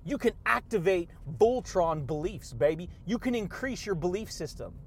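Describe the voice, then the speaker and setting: A man hosting a motivational podcast, hyped and loud, shouting catchphrases and laughing often. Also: high voice, lively intonation, moderate pace, slight background noise. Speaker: podcast host.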